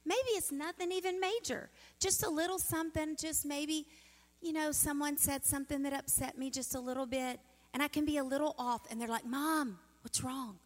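A middle-aged woman giving a sermon as a guest speaker, telling stories in an animated way and acting out the quotes. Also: high voice, brisk. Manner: animated, storytelling, acts out quotes. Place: church sanctuary. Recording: reverberant church hall.

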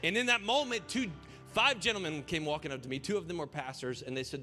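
A young man, a pastor, telling his own story in an animated sermon that rises into a preaching cry. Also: on the high side, fast talker, long reverb tail, faint music behind. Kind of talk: sermon testimony.

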